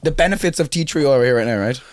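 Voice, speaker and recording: A man's voice: mid-range voice, expressive, fast, no echo. A young Irish man in his twenties, co-hosting a podcast, telling a story animatedly with frequent laughter and swearing. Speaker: podcast co-host. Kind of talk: casual chat.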